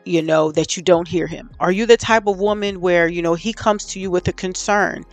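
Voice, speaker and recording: A woman's voice: fairly low pitch, fairly even intonation, moderate pace, no room sound, faint music behind. A woman vlogger giving direct relationship advice to the camera, pressing her listeners with rhetorical questions in a candid, preachy way.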